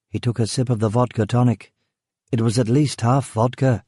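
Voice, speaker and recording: A man reading a crime thriller audiobook in measured scripted narration. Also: mid-range voice, steady tone, dark tone, breathy edge, no room sound, studio quality.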